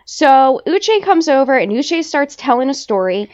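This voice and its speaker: A woman's voice: high-pitched, big pitch swings, a little slow, darkish tone, dull audio. A woman co-hosting a podcast in casual chat, ranting heatedly with constant swearing. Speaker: podcast co-host.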